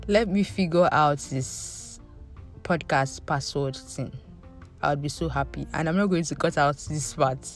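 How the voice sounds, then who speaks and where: A woman hosting a book podcast, chatting in a casual, self-deprecating way with her listeners. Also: sits low. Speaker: podcast host.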